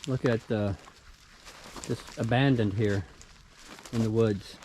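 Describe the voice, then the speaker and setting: A middle-aged man with a Southern US accent narrates his hike in an easygoing, cheerful way, recorded on camera outdoors on a forest trail. His voice is mellow and relaxed, and a faint hum of the woods sits behind him. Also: on the low side, slow pace, rough recording. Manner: easygoing, enthusiastic about small finds. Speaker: hiking vlogger.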